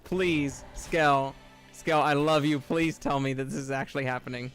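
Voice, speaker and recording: A man with a slightly higher voice streams a platformer, chatting loosely with his viewers. He reads their messages out loud and keeps bursting into loud, high laughter, while faint music plays behind him. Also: fairly even intonation, moderate pace. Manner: reads chat aloud and reacts with loud, high laughing outbursts. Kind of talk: live game stream chat.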